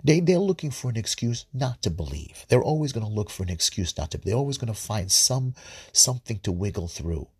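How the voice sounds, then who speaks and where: A man's voice: on the low side, big pitch swings, brisk, darkish tone, breathy edge, dry recording. A man giving informal scripture commentary, earnest, often repeating words and restarting sentences. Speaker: Bible study host.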